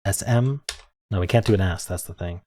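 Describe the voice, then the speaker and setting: A man thinking aloud as he solves daily word puzzles, hesitant and muttering, with frequent ums and quiet self-amused asides. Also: sits low, a little fast, slight background noise. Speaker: word game streamer.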